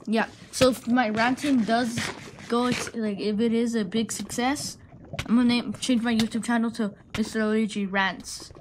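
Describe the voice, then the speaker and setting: Her voice is slightly high and steady, moving at a moderate pace against a noisy background. She's a channel host talking over her gameplay clips, rambling, swearing, and insulting other players while the game music blares below.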